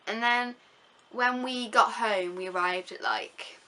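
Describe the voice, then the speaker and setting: A young woman narrates her holiday vlog in a loose, chatty ramble, filling gaps with ums and gushing over things. Her voice sits a little high and sounds bright and clear. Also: slow pace. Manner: chatty and rambling, with many fillers and gushing words. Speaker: vlogger. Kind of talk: casual travel vlog voice-over.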